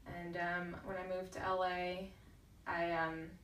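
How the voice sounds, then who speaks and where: A young woman does stand-up in a halting, casual way, speaking a little low for a woman. She sounds distant in a roomy space, with faint background noise. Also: level tone, a bit bright. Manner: halting, casual delivery with fillers. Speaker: stand-up comedian. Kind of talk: stand-up set.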